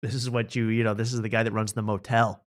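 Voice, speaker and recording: A man's voice: lowish voice, level tone, fast. A man hosting a late-night show, chatting casually and joking about clips, often laughing. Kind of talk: casual chat reacting to clips.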